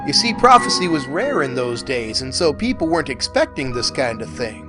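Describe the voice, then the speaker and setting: Guy lecturing like a storyteller, kinda high voice, soft music underneath. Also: normal speed, hardly any pauses. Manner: animated, folksy storytelling. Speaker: professor.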